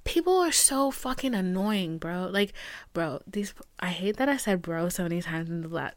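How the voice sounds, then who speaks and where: A woman's voice: mid-range voice, fairly bright tone, dry recording, studio quality. A woman in her twenties hosting a podcast, venting in a blunt, profane, heated way, dropping to whispered asides. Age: 20s. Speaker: podcast host. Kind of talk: candid solo podcast talk.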